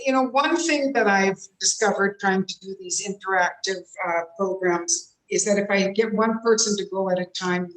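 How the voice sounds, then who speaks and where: A woman running an interactive online communication workshop, speaking in an expressive, emphatic way as she demonstrates. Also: medium pitch, reverberant, low-quality recording. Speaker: communication trainer.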